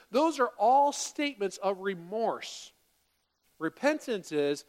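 A man's voice: sits high, animated, measured pace, big-room sound. A man preaching a sermon as pastor, acting out quoted apologies with a raised voice. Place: church sanctuary.

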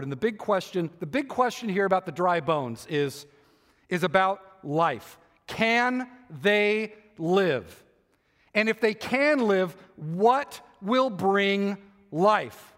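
A very high-pitched man preaches a sermon, circling back over each point and checking in with rhetorical questions. His voice carries a long reverb from a large hall. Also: expressive, slow pace, a bit bright. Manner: repeats and rephrases for emphasis, asks rhetorical questions.

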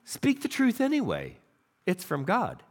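Middle-aged man, pastor preaching, lively swooping delivery, slightly high voice, animated storyteller. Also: a little slow. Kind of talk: sermon.

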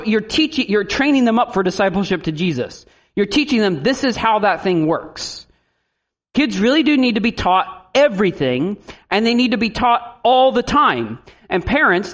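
Lively man preaching a sermon. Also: high voice, normal speed. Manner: lively preaching, animated asides and acted-out quotes. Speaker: pastor.

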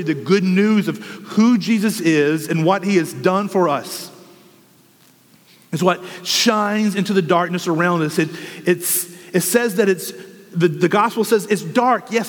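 A man's voice: high voice, big-room sound. A man preaching a sermon, working through rhetorical questions with fervent, impassioned delivery. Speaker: pastor.

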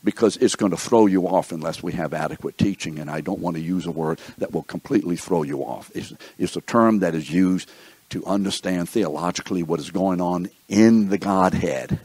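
A man's voice: sits low, normal speed, darkish tone, husky, dry recording. A man teaching a Bible study class, thinking aloud and often checking that the class is following. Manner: thinks aloud, with restarts and asides.

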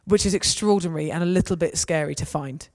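A woman's voice: on the low side, fast talker, darkish tone. A woman giving a conversational, anecdotal talk to a gathering. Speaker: speaker. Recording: reverberant hall.

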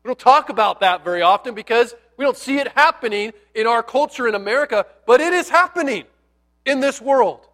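Man, pastor, sermon, high voice, conversational storytelling, hushed key words. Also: brisk. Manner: conversational, animated storytelling preacher with playful asides; drops to a near hush on key words.

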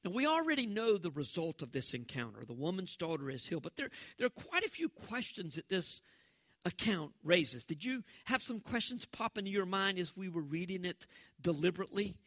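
A male pastor delivers a sermon in a high, bright voice. He talks to the congregation like a conversation and lively acts out the voices he quotes. The sound is close and dry. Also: brisk, dry recording.

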